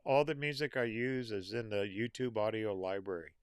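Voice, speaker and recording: A man's voice: lowish voice, fairly even intonation, normal speed, clear, resonant tone, dry recording, clean studio sound. A middle-aged American man hosting a casual livestream, reading out viewer names and comments in an easygoing, folksy way. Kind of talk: casual live chat.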